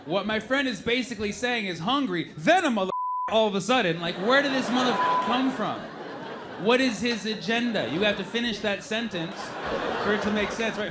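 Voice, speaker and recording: A male stand-up comedian doing an animated routine, acting out his friends' voices, on a comedy club stage. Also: sits high, a little fast. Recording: live club with loud crowd and noise.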